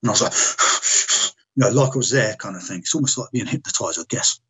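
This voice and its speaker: A British man, a military veteran, telling a personal story in conversation, halting and restarting often and swearing frankly. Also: on the low side, bright, forceful tone, slightly rough.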